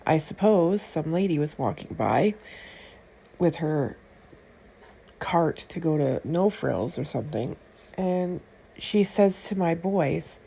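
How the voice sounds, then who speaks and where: Indignant woman vlogger, low voice. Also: creaky. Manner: indignant, animated retelling with quick asides. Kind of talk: casual storytelling to camera.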